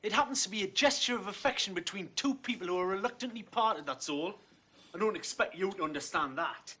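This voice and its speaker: An actor playing a sensitive, homesick builder with a husky voice in a TV comedy drama. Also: male voice, high voice, expressive, a little fast, bright, forceful tone, exaggerated voice. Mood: aggrieved. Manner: earnest, aggrieved.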